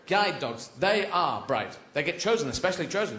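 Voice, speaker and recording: A man performing a slow, meandering stand-up comedy routine that often trails off. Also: fairly high pitch, sing-song. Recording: roomy live venue with loud audience noise.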